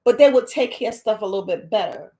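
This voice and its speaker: A woman's voice: mid-range voice, fast, mellow. Black lady rambling on a live stream from home, chatty, calls viewers family. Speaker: herbalist host of a live podcast. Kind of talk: casual live-stream talk.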